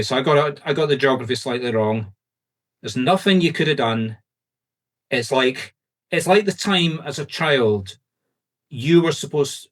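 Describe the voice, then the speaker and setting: A Scottish man, a medium, talks quickly and firmly over a video call. His tone is insistent but reassuring, and he speaks at an average pitch for a man. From Scotland. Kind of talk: rapid-fire psychic reading to a video call group.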